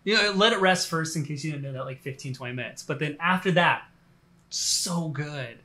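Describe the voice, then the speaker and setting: Relaxed man preaching casually. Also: on the high side, normal speed. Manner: relaxed, talks in fillers and restarts. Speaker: pastor. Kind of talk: conversational sermon.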